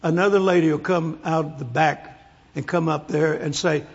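A man's voice: fairly high pitch, steady tone, moderate pace, creaky, slightly rough. A man preaching a sermon, telling stories with folksy humor, in an echoey, muffled recording. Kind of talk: storytelling sermon. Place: large hall, speaking to an audience.

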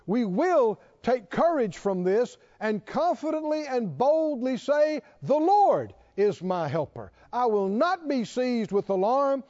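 A high-pitched man preaching with passion, his voice swooping up to emphatic peaks. He speaks slowly, with a mellow, warm tone. The recording is dull and lo-fi, with a long reverb trail. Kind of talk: sermon.

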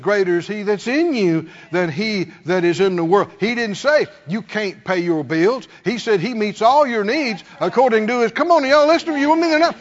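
A man preaching a sermon as pastor, calling out to the congregation and acting out complaining voices. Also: high-pitched. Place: church sanctuary. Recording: dull sound, long hall reverb.

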